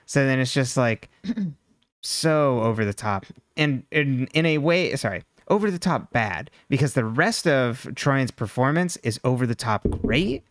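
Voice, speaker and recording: A young adult woman co-hosting a podcast in casual chat, filling her talk with "like" and animated asides. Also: extremely low pitch, unhurried, no room sound, clean studio sound. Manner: chatty, heavy use of "like", animated. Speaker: podcast co-host.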